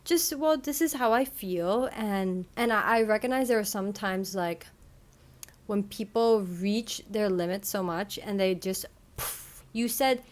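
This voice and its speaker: A woman's voice: medium pitch, unhurried. Young woman podcast host, chatty and emphatic, mid-range voice, casual advice. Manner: chatty, emphatic, repeats "all right?".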